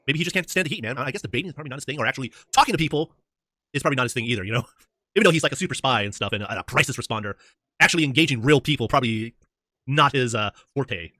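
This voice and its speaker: A man talking fast and swinging his pitch up and down, mocking and swearing freely. His voice is bright and sharp. The sound is dry and close. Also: no echo. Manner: animated, profane, mocking. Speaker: debate guest. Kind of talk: casual chat.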